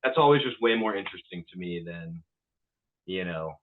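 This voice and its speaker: An easygoing man from Louisville answers interview questions, pausing with plenty of ums. His voice sits low. The sound is thin and tinny, like a phone line. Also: lively intonation. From Louisville, Kentucky. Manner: easygoing, hesitant, many ums. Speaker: band member guest. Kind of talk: casual interview chat.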